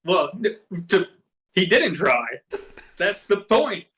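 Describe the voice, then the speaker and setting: A man's voice: sits high, big pitch swings, takes it slowly, a bit bright. A man co-hosting a casual movie review podcast who offers thoughtful counterpoints between brief agreements. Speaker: podcast co-host.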